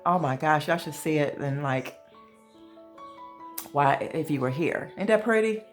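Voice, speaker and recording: A woman's voice: deep voice, expressive, a little slow, roomy sound, faint music behind. A woman chatting casually to her viewers while she cooks at home, often calling them y'all. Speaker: vlogger. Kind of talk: casual home vlog chat. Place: home kitchen, indoors. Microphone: handheld phone camera.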